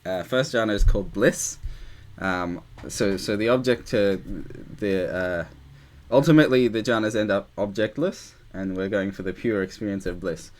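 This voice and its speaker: A man with a fairly low voice guides a group through a meditation practice on a video call. His talk is loose and rambling, full of "like" and restarts. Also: normal speed. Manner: loose and rambling, many fillers. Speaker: meditation teacher.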